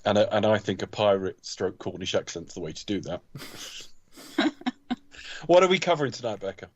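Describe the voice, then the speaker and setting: A man's voice: fairly low pitch, very animated, moderate pace, dull audio. A man co-hosting a film podcast, bantering in a dry, joking, slightly hesitant way. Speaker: podcast co-host. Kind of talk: casual banter.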